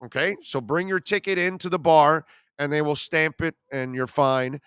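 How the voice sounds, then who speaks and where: Middle-aged male sports talk host, casual and chatty, smooth voice, dry studio sound. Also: on the high side, steady tone, moderate pace, fairly bright tone, no room sound. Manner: chatty, self-deprecating, emotional. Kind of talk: casual live show chat reading comments.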